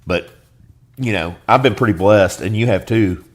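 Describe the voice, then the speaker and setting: A middle-aged man hosting a podcast, talking casually and rambling, low and soft when serious, playful with silly put-on voices. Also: normal speed. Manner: rambling, jokey, slips into high silly voices for bits. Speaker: podcast host.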